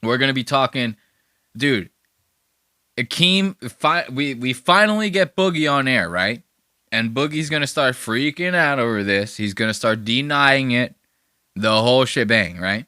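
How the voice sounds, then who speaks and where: Bright, dry-sounding profane podcast man. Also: medium pitch, lively intonation, a little slow, clear, resonant tone, dry recording. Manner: rambling and profane. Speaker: podcast host. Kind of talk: casual reaction commentary.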